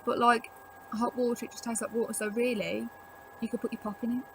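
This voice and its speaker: A woman's voice: on the high side, little pitch movement, fairly quick, creaky, background noise. A young woman chatting casually to camera at home, rambling with lots of "like" as she gives tips. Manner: rambling, chatty, filler-heavy with frequent "like". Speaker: vlogger. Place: at home indoors.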